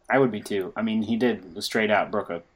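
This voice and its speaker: A man's voice: on the low side, slight background noise. A man co-hosting a podcast, chiming in casually with short comments. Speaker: podcast co-host. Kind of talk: casual chat, brief interjections.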